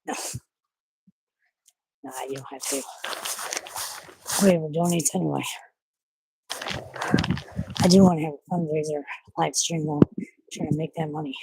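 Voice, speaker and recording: A woman's voice: fairly low pitch, big pitch swings, a little slow, vocal fry, pauses often, background noise. A woman in her thirties chatting casually on a livestream, blunt and talkative, swearing freely. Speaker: streamer.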